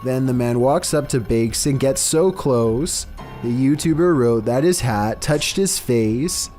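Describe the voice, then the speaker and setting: A man with a steady, mid-pitched voice reads a spooky countdown script in a flat monotone. His delivery stays even and unhurried throughout, with faint music playing underneath. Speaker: countdown video narrator. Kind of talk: scripted narration. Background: faint background music.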